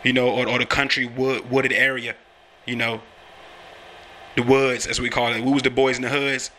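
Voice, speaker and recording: Animated young man. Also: medium pitch, moderate pace, slight background noise. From Virginia, USA. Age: young adult. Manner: animated, rambling, swears a lot, laughs often. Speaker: podcast host and rapper. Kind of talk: casual profane monologue.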